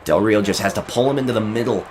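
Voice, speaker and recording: A man giving excitable play-by-play commentary over a wrestling video game, his voice going hoarse. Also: on the low side, quick pace, a little hiss or hum. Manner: excitable, shouts at big moves.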